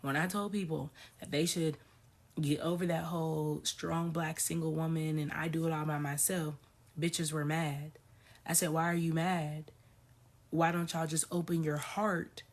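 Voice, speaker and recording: A woman spiritual coach speaks in a casual, ranting commentary style and hammers points home by repeating them. Her voice sits on the low side and has a breathy, husky edge. She talks emphatically and swears freely. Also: steady tone, normal speed.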